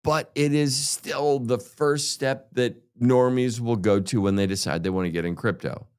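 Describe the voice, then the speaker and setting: Swearing nonstop, the crypto show host rants with heat and sarcasm in a profane monologue. His medium-pitched voice is clear and resonant, a little mellow, with a steady tone and moderate pace.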